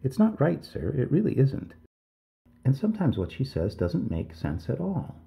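A man's voice: on the low side, very animated, moderate pace, gravelly, dark tone. A man voicing a worried, tearful middle-aged village mother who pleads deferentially and keeps calling him sir. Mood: worried pleading. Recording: tinny phone-like audio.

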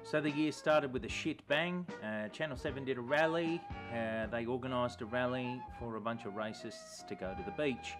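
Australian man, mid-pitch, sardonic and sweary, comic vlog host, music under. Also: normal speed, few pauses. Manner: sardonic, profane, deadpan jokes. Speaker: activist vlogger and host. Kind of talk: comic year-in-review monologue.

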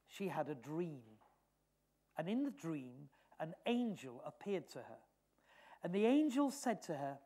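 A man preaching a sermon, earnest, often dropping his voice softly for emphasis. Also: fairly high pitch. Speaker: evangelist preacher. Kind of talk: sermon with storytelling.

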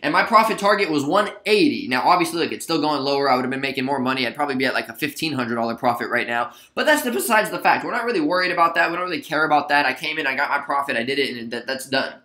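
A man hosting a casual trading recap, chatty and relaxed, with lots of fillers and asides. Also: on the high side, racing, hardly any pauses, reverberant. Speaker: stock trading video host. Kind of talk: casual screen-share trade recap.

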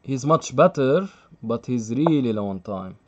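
A man's voice: medium pitch, expressive, unhurried, dull audio. Chatty man commentating a chess stream. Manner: chatty, laughs often, thinks aloud with many fillers. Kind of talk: live stream commentary, reading chat.

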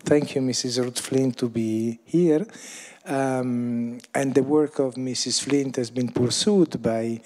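A man's voice: medium pitch, steady tone, slow pace, darkish tone. A man moderating a film screening, giving hesitant introductory remarks full of fillers and small chuckling asides. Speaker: event moderator.

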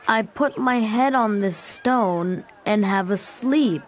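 A woman voicing a young boy who sells oil, speaking quickly and plaintively in a raised voice. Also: medium pitch, voice pushed up, natural voice. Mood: upset. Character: young boy oil seller, upset then grateful.

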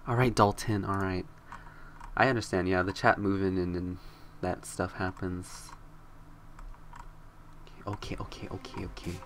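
A man's voice: little pitch movement, a little slow, pauses often, a little hiss or hum. A young man streaming a video game live, joking with chat and shrieking in mock fear when cornered. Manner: playful, jokey, squeals high when scared in the game.

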